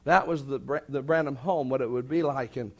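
A man's voice: mid-range voice, a little fast, darkish tone. A man preaching a sermon, telling a long anecdote in a folksy way and acting out the quoted dialogue. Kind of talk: sermon storytelling.

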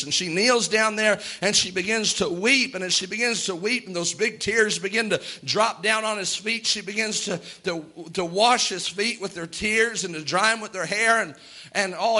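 A man's voice: high-pitched, pushed and bright. A man preaching a sermon with impassioned delivery, acting out the lines of Bible characters.

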